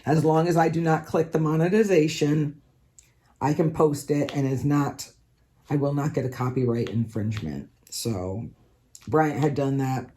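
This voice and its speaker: A hoarse woman with a scratchy throat, chatting casually to viewers in a rambling way, full of ums and likes. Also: low voice, warm tone. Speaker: craft vlogger. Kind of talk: casual chat.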